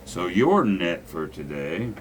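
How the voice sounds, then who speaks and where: Man, very low voice, blunt gambling teacher, faint noise behind. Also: sing-song, takes it slowly. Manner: blunt, preachy, swears freely. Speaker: gambling instructor. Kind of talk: casual craps lesson at a table.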